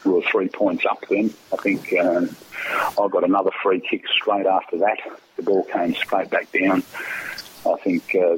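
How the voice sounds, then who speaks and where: A man's voice: deep voice, a little hiss or hum, rough recording. A middle-aged Australian man, a former footballer, casually telling a rambling story full of fillers and restarts. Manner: rambling, laughs often, many fillers and restarts.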